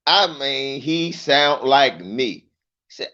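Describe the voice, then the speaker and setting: A man telling profane stand-up stories, animated and acting out the people in them. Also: mid-range voice, slow, highs cut off. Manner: profane, animated, mimics voices. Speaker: comedian. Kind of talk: stand-up storytelling.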